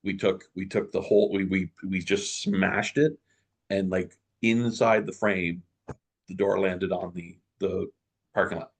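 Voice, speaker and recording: A middle-aged man's low, husky voice with a gravelly edge. He tells his story as an interview guest, lively and animated, stumbling into quick restarts as he goes.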